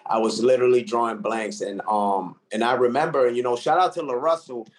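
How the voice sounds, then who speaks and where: A man's voice: mid-range voice, fairly even intonation, a little fast. A man, a recording artist, talking casually and earnestly in an interview, reflecting on how he writes, with lots of "like" and "man" fillers.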